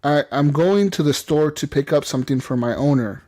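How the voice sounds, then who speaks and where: A man hosting a casual gaming podcast, recounting a game story in a loose, excited ramble. His voice sits a little high for a man, and he keeps stringing thoughts together with "like" and "you know". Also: moderate pace. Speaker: podcast host.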